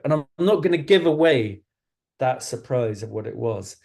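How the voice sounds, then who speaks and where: A man reads a picture book aloud to children over a video call, with a gravelly texture in his voice. He is gentle and chatty and drops in playful asides. His pitch sits in a middle range. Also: expressive, normal speed. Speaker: author reading to children.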